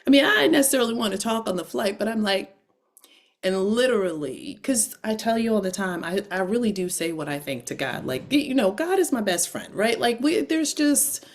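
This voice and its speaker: A woman coach speaks at a mid pitch for her sex and teaches an online class. She tells personal stories lively and frankly, in a casual, direct way with her audience. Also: fairly quick. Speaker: coach and advisor.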